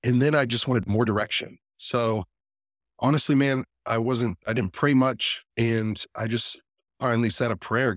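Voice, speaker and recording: A man's voice: mid-range voice, normal speed, dry recording, studio quality. A man, a podcast guest, telling a personal story in a casual, earnest way and acting out the voices of the people he quotes. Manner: earnest and animated, acts out quoted dialogue.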